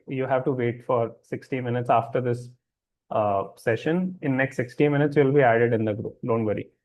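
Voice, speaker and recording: Guy running a wellness webinar, mid pitch, kinda dull lo-fi sound, keeps asking does that make sense. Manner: reassuring, repeats check-in questions. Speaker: wellness coach hosting a webinar. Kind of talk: live webinar talk answering chat questions.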